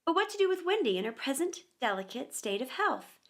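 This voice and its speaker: A woman narrating a children's book aloud with expressive, animated storytelling. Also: high voice, brisk. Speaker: storyteller, actor and teacher.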